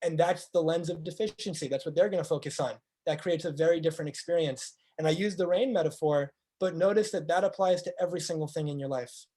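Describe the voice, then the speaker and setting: A man's voice: on the high side, fast talker, hardly any pauses. A man giving a motivational presentation, speaking earnestly and piling up rhetorical questions. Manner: earnest, acts out quoted speakers in lively voices.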